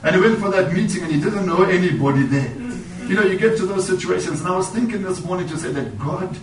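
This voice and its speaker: A man's voice: sits high, fast talker. A man preaching in a church, telling a personal story in a sermon and returning to "you know" as he goes. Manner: storytelling, repeats "you know", rises in emphasis. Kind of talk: sermon testimony. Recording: echoey, distant church mic.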